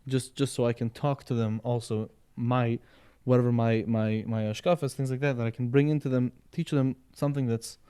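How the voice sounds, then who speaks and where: A man's voice: medium pitch, steady tone, moderate pace, hardly any pauses, mellow, clean tone. A man in casual podcast conversation, rambling and repeating words, often checking in with "right?" and "you know". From Sephardi background.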